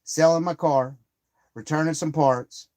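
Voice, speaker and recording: A man's voice: a little high, steady tone, unhurried, darkish tone. A man telling a rambling, profanity-heavy story on a live stream, getting heated as he retells a grievance. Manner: profane, rambling, swears constantly.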